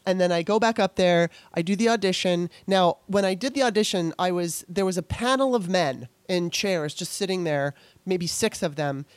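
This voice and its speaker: A woman hosting an interview, a former actor telling a lively story in casual chat with many restarts. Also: lowish voice, moderate pace, hardly any pauses, no room sound. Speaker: podcast host and former actor.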